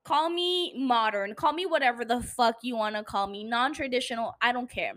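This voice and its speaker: A tipsy woman with a non-native English accent, hosting a podcast in a blunt, profane, animated casual monologue. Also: fairly high pitch, normal speed. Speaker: podcast host.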